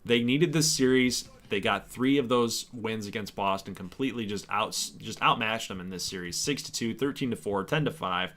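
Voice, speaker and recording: A young man hosts a live stream of a baseball video game, commenting on plays and stats in a casual, excitable way. His voice is bright and forward. He trash-talks the players and suddenly breaks into loud outbursts. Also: lowish voice, moderate pace, few pauses. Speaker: gaming streamer and league host.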